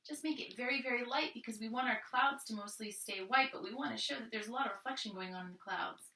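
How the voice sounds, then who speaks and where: A woman teaching a children's art lesson step by step, gently encouraging and thinking aloud as she colors with crayons. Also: fairly high pitch, fast talker, reverberant, far from the mic, low-quality recording.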